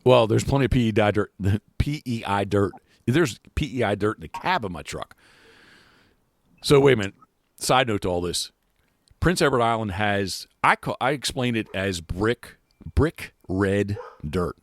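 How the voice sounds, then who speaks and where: Male podcast host, deep and dry-miked, loose rambling chat full of restarts. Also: expressive, moderate pace, gravelly, no echo. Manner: rambling, many restarts and fillers. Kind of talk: casual chat. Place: outdoors.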